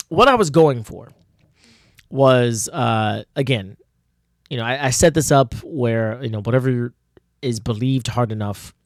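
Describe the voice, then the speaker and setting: A man's voice: mid-range voice, dry recording, clean studio sound. A man casually commenting on his own old comic, self-mocking and full of fillers. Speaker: comic artist and channel host.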